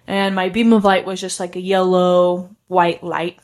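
A young woman tells her own story on a podcast in a relaxed, conversational way. Her voice sits a little low for a woman, and she often breaks into small laughs while filler words run through her telling. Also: normal speed, hardly any pauses. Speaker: podcast host. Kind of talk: casual personal storytelling.

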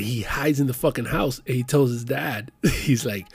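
Husky man telling a profane story. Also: mid-range voice, moderate pace, hardly any pauses, dry recording. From Miami area. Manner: profane, animated storyteller who acts out quotes. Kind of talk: casual storytelling chat.

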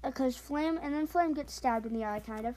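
A woman casually retelling a book plot in a rambling, hurried way with many fillers. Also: high-pitched, warm tone, slight background noise.

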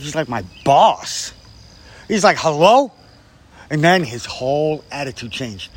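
A man's voice: on the high side, big pitch swings, a little slow. A man telling a story in casual chat, swearing freely and acting out what people said. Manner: profane, acts out quoted people. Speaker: guest storyteller.

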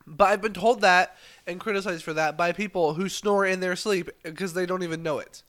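A man's voice: high-pitched, fairly even intonation, fairly quick, a bit bright. A young man co-hosting a podcast, chatting casually and reacting with profane jokes. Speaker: podcast co-host. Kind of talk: casual chat.

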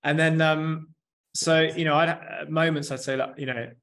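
His pitch is fairly high and his tone fairly bright, with fairly even intonation at a moderate pace. A male coach or therapist guest in his 30s, he gives a candid conversational interview with casual delivery, earnest and reflective, leaning on "like" and "you know."

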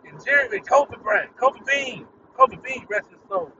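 A man's voice: very high voice, expressive, normal speed, gravelly, distant mic, muffled recording, background noise. A man hosting his own podcast, ranting in a rambling, irritated, profane way. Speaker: podcast host. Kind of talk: casual solo rant.

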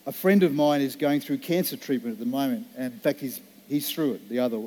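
A man preaching as a pastor, telling a personal story in an earnest, slow and emphatic way, in a church setting. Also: medium pitch, mellow. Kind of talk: sermon.

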